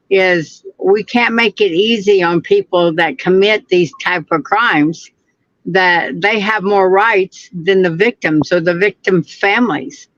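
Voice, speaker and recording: A woman from Oklahoma, a mother being interviewed remotely, speaking in an earnest, halting, deliberate way. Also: lowish voice, a bit bright, dry recording, muffled recording. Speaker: guest, mother of a missing girl.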